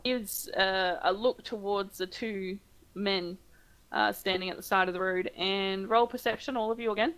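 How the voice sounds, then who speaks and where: A woman's voice: medium pitch, steady tone, moderate pace, fairly bright tone, smooth, low-quality recording. An Australian woman narrating a tabletop game as game master, with many ums and uhs.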